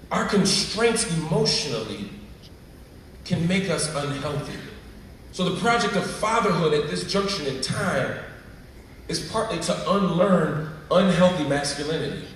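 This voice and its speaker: A man giving an animated public speech to a live audience, emphatic and preacher-like with slang asides, heard in a livestream. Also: fairly high pitch, slight background noise. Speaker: keynote speaker. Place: large lecture hall at an event. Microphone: live stream filmed from the audience. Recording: echoey hall, from far off, livestream.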